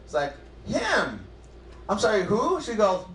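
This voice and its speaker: A man in his thirties performing a stand-up comedy set on a club stage, acting out his family's lines in quick animated bursts. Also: sits high, noisy background. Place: comedy club stage before a live audience. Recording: roomy club sound.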